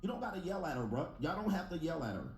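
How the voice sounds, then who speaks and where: A man's voice: a little high, sing-song, very fast, darkish tone, a little hiss or hum. A man delivering a brash, profane relationship advice rant in a clip being played back. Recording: echoey clip replayed in a reaction.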